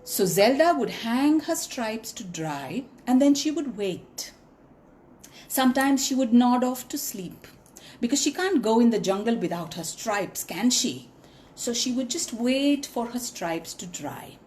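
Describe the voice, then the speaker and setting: A woman telling a story to children, expressive and inviting them to sing along. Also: a little high, measured pace, slight background noise.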